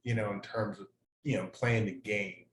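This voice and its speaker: A man who is a guest on a talk show, answering questions in a relaxed way with many fillers. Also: fairly low pitch, moderate pace, roomy sound. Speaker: guest, former college football player. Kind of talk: casual interview answers.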